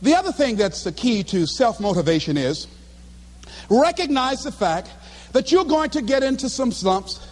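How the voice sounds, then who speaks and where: A man giving a live motivational speech in a fervent, preacher-like cadence, often breaking into shouts. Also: very high-pitched, big pitch swings, normal speed, in a large hall. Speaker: motivational speaker.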